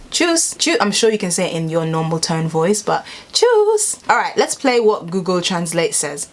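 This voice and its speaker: A young adult woman talking casually to camera in a vlog, chatty and animated, rambling a little as she explains things. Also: fairly low pitch. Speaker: vlogger.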